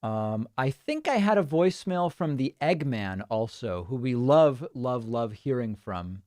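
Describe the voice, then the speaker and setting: A man's voice: mid-range voice, lively intonation, measured pace, a little mellow, no room sound, studio quality. A man hosting a live-stream show, chatting casually and reacting to listener voicemails and chat messages. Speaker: show host.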